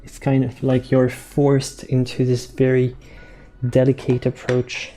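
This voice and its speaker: Guy painting on a live stream, talks real slow and soft, keeps repeating himself, low mellow voice. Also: monotone, soft background music.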